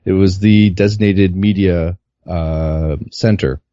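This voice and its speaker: A man with a low, dark voice talks through his reporting week in a loose, meandering way, full of "uh"s. The audio is muffled and lo-fi, with a dry sound. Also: takes it slowly, dry recording. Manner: relaxed, rambling with many fillers. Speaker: guest reporter. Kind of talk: casual podcast recap.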